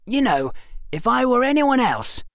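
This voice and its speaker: Male narrator voicing a clever, wry boy wizard: raised pitch, animated, dry close sound. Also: creaky, no echo, heavily acted. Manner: quick, wry, rambling. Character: precocious eleven-year-old boy wizard, clever and flippant. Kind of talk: audiobook character voice.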